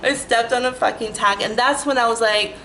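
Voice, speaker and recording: A middle-aged woman telling a rambling, animated story in a casual vlog, full of "like" and restarts. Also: a little high, a little fast, slight background noise, low-quality recording. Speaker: storytelling vlogger.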